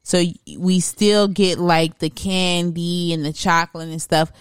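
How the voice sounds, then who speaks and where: A woman in her thirties chatting and joking casually, quick to laugh. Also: fairly low pitch, level tone, clear, resonant tone, no room sound, studio quality. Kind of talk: casual chat.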